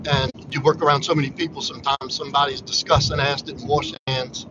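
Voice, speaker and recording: A man's voice: medium pitch, little pitch movement, quick pace. Blunt man ranting on a lo-fi livestream. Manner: blunt, profane, preachy. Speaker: livestream host. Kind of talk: casual livestream monologue. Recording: muffled lo-fi audio with background noise.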